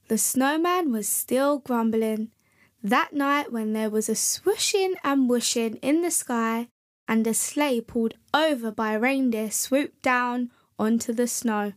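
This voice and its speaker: Slow-reading woman storyteller for children. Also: a little high. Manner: gentle, addressing children. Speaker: storyteller host.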